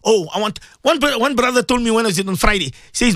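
A man's voice: very high-pitched, lively intonation, fast talker, hardly any pauses, fairly bright tone, no room sound. A man presenting a religious radio talk show, speaking passionately and repeating himself as he addresses his listeners directly.

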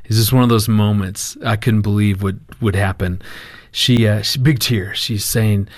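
A man working as a marriage counselor, telling a family story in a casual chat, lively and restarting his words as he goes. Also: lowish voice, normal speed.

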